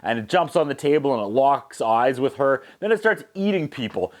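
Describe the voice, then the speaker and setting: A man recapping a movie's plot with sarcastic asides, briefly acting out the characters in quick voices. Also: medium pitch, very animated. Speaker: movie reviewer.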